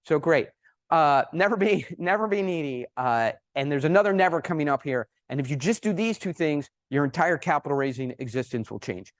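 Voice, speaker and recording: A man speaking at a conference, telling a story with lively emphasis and a fairly high-pitched voice. The recording is dry and close, with little room sound. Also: brisk, no echo. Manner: animated, emphatic anecdote-telling. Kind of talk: presentation with storytelling.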